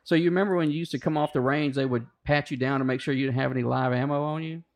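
A Marine veteran, a man, telling boot camp stories in a profane, animated casual chat. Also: medium pitch, fast.

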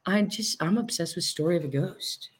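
A woman's voice: on the low side, husky. Giggly young woman co-host. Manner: giggly, chatty, quick anecdotes. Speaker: podcast co-host. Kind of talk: casual chat.

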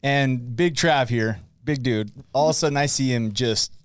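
A man's voice: medium pitch, normal speed, smooth, no echo. A man who works as an addiction counselor, telling a story in casual conversation and playing out the dialogue. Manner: lively storyteller, plays out dialogue.

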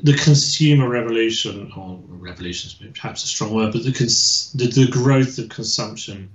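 A man's voice: fairly low pitch, moderate pace. A man speaking as a guest historian over a video call, explaining in a hesitant way with many restarts. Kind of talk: casual expert explanation. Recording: echoey and dull lo-fi.

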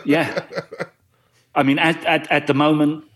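A man's voice: a little high, little pitch movement, a little slow, fairly bright tone. A middle-aged English man, a guest actor, chatting casually on a podcast in a wry, self-deprecating way.

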